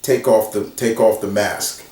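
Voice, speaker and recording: A man's voice: on the low side, a little slow, dark tone, close to an everyday voice. A man voicing a tough, blunt male vampire hunter who talks in curt, profane demands. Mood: gruff, threatening. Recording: roomy, from a distance.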